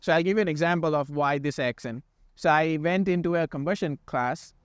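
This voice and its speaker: A young man from India speaks with an Indian English accent that he has softened toward American. His voice is smooth and clear and sits a bit high, and the sound is dry and close. He explains things carefully and earnestly in a relaxed podcast conversation. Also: fairly quick, no echo. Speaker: podcast co-host.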